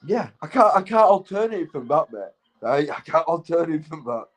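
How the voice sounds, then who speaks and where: With faint music in the background and low-quality audio, a man from Keighley, Yorkshire, talks in a sing-song, fairly high voice at normal speed. He has a Yorkshire English accent and, stoned and tipsy, rambles, swears and laughs as he chats casually with viewers on his livestream.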